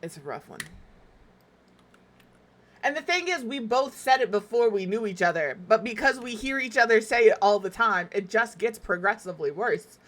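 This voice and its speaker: Young woman streamer, bright voice, rambling casual chat, self-mocking. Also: fairly high pitch, lively intonation, normal speed, a little hiss or hum. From Southern US. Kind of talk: casual chat while gaming.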